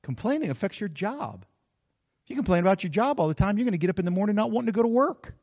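A man's voice: high-pitched, very animated, fast, darkish tone, in a large hall, lo-fi sound. A male pastor preaching a sermon, folksy and joking, with frequent asides to the congregation.

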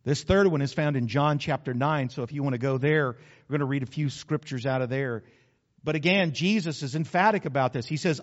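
A man's voice: mid-range voice, fairly quick, muffled recording. A man preaching a sermon as pastor, conversational and emphatic, with sudden exclamations.

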